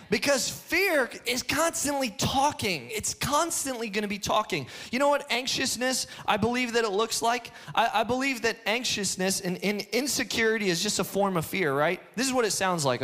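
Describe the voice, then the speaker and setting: A man preaching a sermon, lively and repetitive, acting out the voice of fear in his head. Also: very high voice. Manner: animated, acts out an inner voice, repeats phrases.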